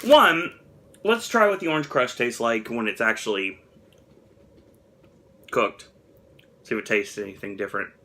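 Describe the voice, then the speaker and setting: A young man talks through a snack review in a relaxed, candid way and gets a touch dramatic when a flavor lets him down. His voice sits at a middling pitch with a bright, forward edge. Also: moderate pace, pauses often, slight background noise. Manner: chatty, candid, mildly dramatic about flavors. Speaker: food review vlogger. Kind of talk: casual taste-test commentary.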